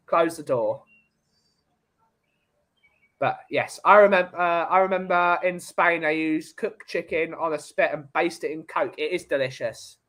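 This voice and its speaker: A man's voice: fairly high pitch, fairly bright tone. A man hosting a casual podcast chat, rambling and joking as he talks. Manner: chatty, rambling, jokey. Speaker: podcast host.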